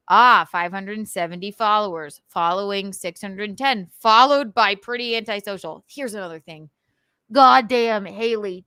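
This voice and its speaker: A woman host with a transatlantic accent, ranting casually about online comments with crisp enunciation and goofy, theatrical outbursts. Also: fairly high pitch, sharp tone, no echo, clean studio sound. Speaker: show host.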